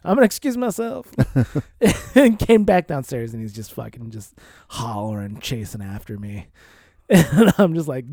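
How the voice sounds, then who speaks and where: A man's voice: a little high, big pitch swings, normal speed, creaky, a little mellow, no echo, clean studio sound. A man in his thirties telling a rambling, profane story in casual chat, often laughing as he talks. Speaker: podcast co-host.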